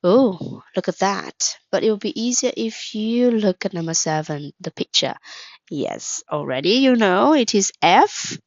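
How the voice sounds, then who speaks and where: An animated woman with a mid-range voice speaks at a measured pace on a recording with no room sound and clipped highs. In her English lesson she stays patient, poses questions and follows with praise, spells words, and glosses them in her native Vietnamese.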